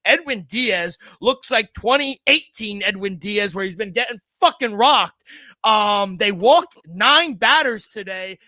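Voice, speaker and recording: A man's voice: sits high, bright, forceful tone, dry recording. A man co-hosting a sports betting podcast, talking casually with frequent swearing and exasperated rants about his team.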